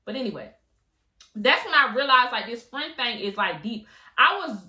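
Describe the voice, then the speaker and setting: A woman's voice: on the high side, big pitch swings, moderate pace, bright, forceful tone, roomy sound. A woman in her late twenties hosting a podcast, talking in a chatty, slangy, candid way. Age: late 20s. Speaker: podcast host. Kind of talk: casual solo podcast chat.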